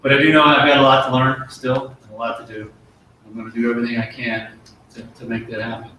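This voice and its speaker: A middle-aged man, an army officer, giving an earnest promotion speech and telling a folksy story with pauses and restarts. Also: medium pitch, flat delivery, pushed and bright, far from the mic, a little hiss or hum. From United States. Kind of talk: ceremony speech with war story. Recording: very echoey hall, voice from afar.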